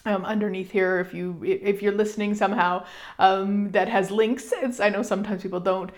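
A middle-aged woman hosting a casual self-help talk, chatty and animated, with fillers and emphatic asides. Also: medium pitch, moderate pace. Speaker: podcast host.

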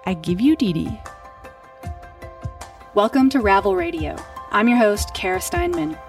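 A woman hosting a podcast, reading an upbeat scripted intro and then chatting loosely with her guest. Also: mid-range voice. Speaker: podcast host.

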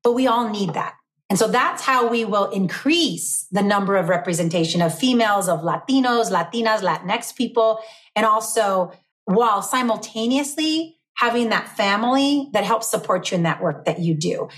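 A woman's voice: medium pitch, expressive, moderate pace, fairly bright tone. Earnest woman superintendent speaking emphatically. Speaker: school superintendent guest. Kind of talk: interview answers.

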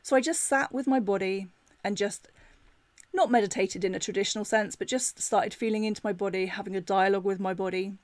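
A middle-aged woman, hosting a personal storytelling podcast in a chatty, animated way, full of "like" fillers. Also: medium pitch, a little fast, dry recording. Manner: animated retelling with laughs. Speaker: podcast host.

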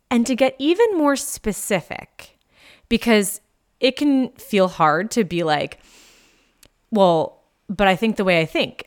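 Lively-voiced woman podcast coach. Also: on the low side. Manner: chatty, candid, with lots of fillers and casual swearing. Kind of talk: casual podcast monologue.

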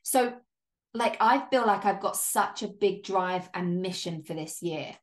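Woman host, mid-pitch, punchy pep-talk delivery, casual swearing, chatty fillers. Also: measured pace. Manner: upbeat, emphatic, casual swearing; chatty with frequent "like" and laughs. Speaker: podcast host and business coach. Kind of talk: solo podcast monologue.

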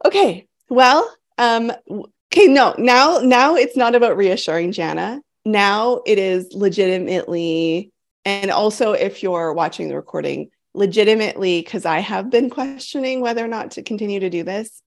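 A woman's voice: mid-range voice, normal speed. A woman coach in her thirties talking candidly to an online group, giggling often and speaking in a rush of feeling. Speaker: sex coach leading a group program. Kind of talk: casual talk to a live online group.

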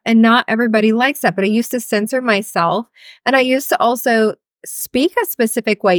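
A woman's voice: fairly high pitch, no room sound, studio quality. A woman in her thirties hosting a podcast as a healer coach, talking casually and frankly, cussing freely. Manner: chatty, frank, cusses freely. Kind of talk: casual solo podcast talk.

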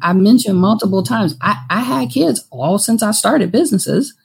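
Woman guest, therapist, gravelly husky voice, frank and casual. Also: medium pitch, normal speed. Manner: frank, animated, slips into quoted self-talk. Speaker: therapist and business owner guest. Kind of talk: casual interview talk.

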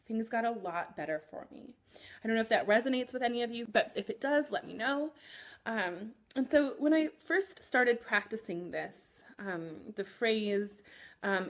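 A woman in her thirties hosts her own podcast, talking in a gentle, candid, reflective way. Her pitch sits at an ordinary middle height for a woman. She pauses often and fills the gaps with soft "um"s. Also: expressive. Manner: gentle, candid, frequent "um" fillers. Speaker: podcast host, therapist. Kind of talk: reflective personal talk.

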